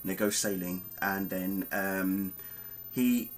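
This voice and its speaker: A man giving a casual spoken film review, animated and emphatic, talking straight to his viewers with plenty of ums. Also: deep voice, slow pace, a little hiss or hum, rough recording. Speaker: movie reviewer.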